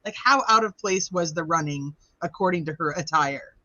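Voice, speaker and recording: A woman's voice: fairly low pitch, moderate pace, pushed and bright, dry recording, dull audio. A woman co-hosting a casual chat, curious and chatty, pressing with follow-up questions. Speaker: podcast co-host asking questions.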